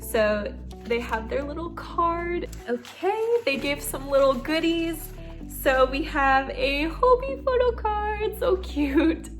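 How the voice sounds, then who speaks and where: A woman vlogger chatting through an unboxing video, gushing and excitable, often exclaiming with delight. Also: high voice, takes it slowly, faint music behind. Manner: gushing, excitable, lots of "oh my gosh".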